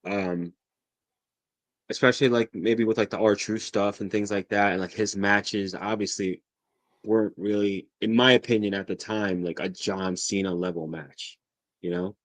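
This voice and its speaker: Man, low register, rowdy excitable podcast guest, cusses a lot, dry close mic. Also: moderate pace, no echo. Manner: excitable, profane, laughs often. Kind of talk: casual chat.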